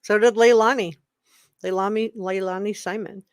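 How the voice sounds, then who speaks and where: A woman's voice: mid-range voice, fairly even intonation, moderate pace, no echo, studio quality. A woman hosting a casual live stream, chatting with viewers and reading their comments aloud.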